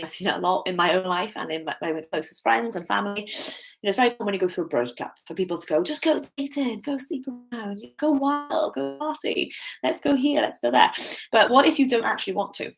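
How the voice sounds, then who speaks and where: A young British woman giving a candid, chatty solo podcast talk, with frequent fillers and restarts. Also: lowish voice. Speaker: podcast host.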